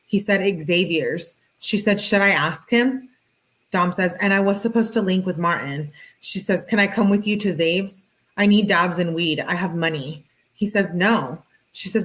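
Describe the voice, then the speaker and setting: A woman with a fairly low voice reads out a string of text messages, one line after another. She talks in a casual, conversational way and drops plenty of "like" as she comments. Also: measured pace, fairly bright tone, poor audio. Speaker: channel host.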